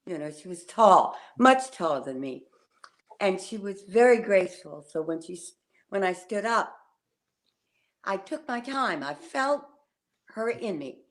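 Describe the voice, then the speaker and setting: An older woman, a guest on a video call, telling a personal memory in a halting, pausing way. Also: mid-range voice, lively intonation. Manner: warm, halting storytelling with pauses.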